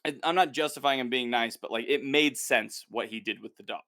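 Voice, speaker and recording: A male podcast host chatting casually, retelling scenes with lively, acted-out asides. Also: mid-range voice. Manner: animated storyteller, quick to act out quotes. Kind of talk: casual chat recapping a TV episode.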